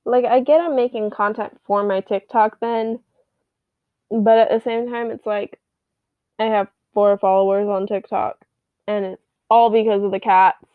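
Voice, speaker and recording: A young adult woman with a hoarse voice, rambling casually through a personal update from her bedroom. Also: mid-range voice, steady tone, unhurried, no echo. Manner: rambly, chatty. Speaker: vlogger. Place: bedroom at home. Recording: tinny, phone-like, dry sound.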